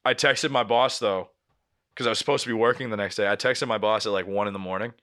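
A man's voice: fairly low pitch, quick pace. A young man casually telling a story on a podcast, swearing freely and acting out what people said. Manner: animated storyteller, swears a lot, acts out quotes. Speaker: podcast co-host.

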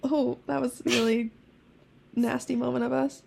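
A teenage girl chatting casually as a podcast co-host, telling stories quickly with lots of swearing and laughter. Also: on the high side, level tone, vocal fry, a little mellow, slight background noise. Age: teens. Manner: fast, profane storytelling with laughs. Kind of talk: casual chat.

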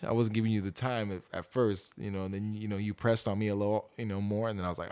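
A man's voice: fairly low pitch, fairly even intonation, fast talker, hardly any pauses, darkish tone, smooth. A man in his thirties co-hosting a casual podcast, trading boastful, joking banter full of slang and swearing. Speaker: podcast co-host. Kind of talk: casual chat.

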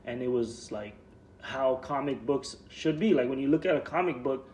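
A man's voice: mid-range voice, moderate pace, a little mellow. Give me a man in his thirties with an everyday mid-range voice, rambling loosely and swearing as he chats. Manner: loose, profane and rambling, with many "like" fillers. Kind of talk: casual chat.

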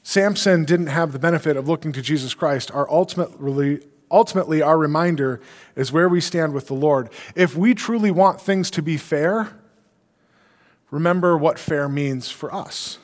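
A man's voice: a little high, normal speed, in a large hall. A male pastor delivering an earnest sermon, quoting scripture and asking rhetorical questions.

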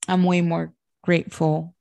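Young woman co-host, easygoing storyteller, low and gravelly, dry recording. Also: a little slow, dry recording. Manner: relaxed, rambling, warm storytelling with fillers. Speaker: podcast co-host. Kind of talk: casual chat.

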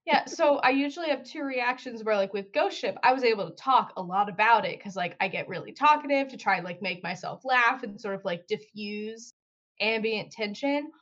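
Fairly high-pitched, bright and animated at a moderate pace, this young woman co-hosts a casual podcast, chatting at length with frequent laughter and plenty of "like". The sound is muffled and lo-fi.

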